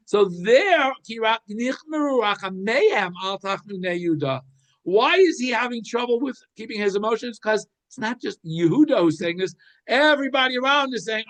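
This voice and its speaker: High-voiced man teaching a Torah class. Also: lively intonation, normal speed, a bit bright. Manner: explains Hebrew commentary in English, acts out pleading crowds.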